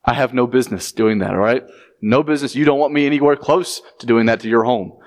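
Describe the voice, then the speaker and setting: A male pastor preaches in a relaxed, conversational way. He slips into the voices of the people he quotes and jumps up in pitch for emphasis, keeping a moderate, even tone otherwise. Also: fast talker. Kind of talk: sermon.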